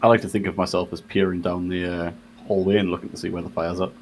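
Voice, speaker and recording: A man's voice: sits low, level tone, fast, a little hiss or hum. A man playing a tabletop game, laid-back and chuckling. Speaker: player. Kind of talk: casual tabletop play.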